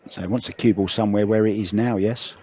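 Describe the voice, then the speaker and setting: Low-voiced man commentating billiards. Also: fast, breathy edge. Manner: chatty, relaxed, jokes with co-commentator. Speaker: play-by-play commentator.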